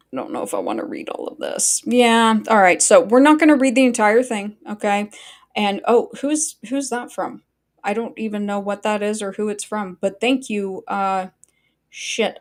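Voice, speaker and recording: A woman hosting a live stream, chatting casually and bluntly with her viewers, swearing freely and wandering off into asides. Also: mid-range voice. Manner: blunt and profane, talks straight to chat; chatty asides and frequent fillers. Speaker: livestream host.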